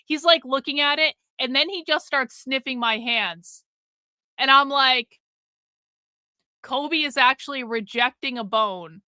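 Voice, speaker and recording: A woman with a high, bright, tense voice hosts a live stream, talking casually to her viewers. She tells a rambling story full of swearing and swings between loud and quiet. The sound is dry and close, with no room around her. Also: clear, resonant tone, no echo. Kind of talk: casual chat to a live audience.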